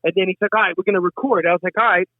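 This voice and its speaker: A man's voice: high-pitched, rapid-fire, no echo. A middle-aged man telling stories in casual chat, swearing freely and acting out what others said. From Westchester, New York. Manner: profane, animated, acts out quotes. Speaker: guest, hip hop artist. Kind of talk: casual storytelling. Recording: dry tinny phone-like sound.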